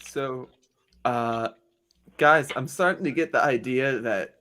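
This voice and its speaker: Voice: mid-range voice, slow pace, pushed and bright. Blunt, foul-mouthed tabletop player. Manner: blunt, swearing, joking. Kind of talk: casual tabletop play.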